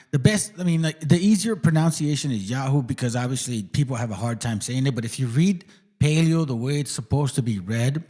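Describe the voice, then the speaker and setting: A man talks loosely on a livestream in a plain mid-range voice. He swears casually and drags out words slowly to demonstrate how they sound. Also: medium pitch, dark tone. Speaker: co-host explaining a pronunciation.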